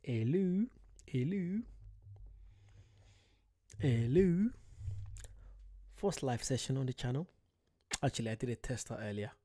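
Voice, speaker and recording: A British man hosts his first live stream from home late at night, chatting casually and greeting viewers by name. His voice sits in the mid-range with a darkish tone, and he talks at a quick pace.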